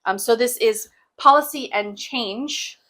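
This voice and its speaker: A young woman hosts a relaxed crafting chat, her voice bright and on the higher side. She jokes and teases with a sarcastic edge and laughs easily. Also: slow pace. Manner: sarcastic, joking, laughs often. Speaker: cross-stitch show host. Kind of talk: casual chat.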